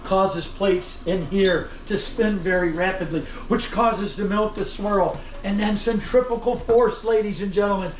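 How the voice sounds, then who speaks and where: A man's voice: high-pitched, fairly even intonation, a little slow, hardly any pauses. A man giving a museum tour as a theatrical old-time salesman, teasing and addressing his visitors directly. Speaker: costumed museum tour guide. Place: indoor store museum among visitors. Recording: echoey room, faint background noise.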